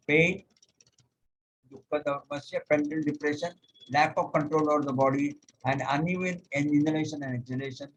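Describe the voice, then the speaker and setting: A man teaching a yoga class over a video call, explaining step by step, pausing on "okay", and chanting scripture verses slowly. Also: fairly high pitch, fairly even intonation, a little hiss or hum, low-quality recording. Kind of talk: online lecture.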